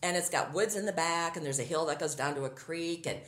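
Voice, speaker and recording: A woman's voice: sits low, a little fast, a bit bright, reverberant. A middle-aged woman talking casually as an interview guest, upbeat and chatty, often laughing as she tells stories.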